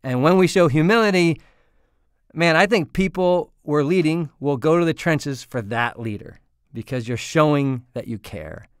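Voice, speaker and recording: A man's voice: on the high side, moderate pace, clean tone, no echo, clean studio sound. A man hosting a podcast, speaking in an earnest, reflective way and leading into the next guest. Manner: earnest, reflective, leads the segments. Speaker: podcast host.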